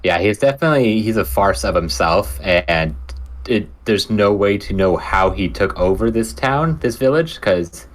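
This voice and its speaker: A man with a very low voice co-hosting a loose film talk. He mostly backs up his partner with short agreement. When he talks longer, he goes at a measured pace with plenty of "uh" fillers. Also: expressive. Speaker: podcast co-host reviewing a film. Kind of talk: casual chat.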